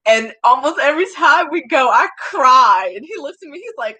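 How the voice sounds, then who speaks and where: A woman's voice: fairly high pitch, lively intonation, normal speed, few pauses, sharp tone, husky. A young woman chatting casually to her viewers, self-mocking and often laughing. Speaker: vlogger.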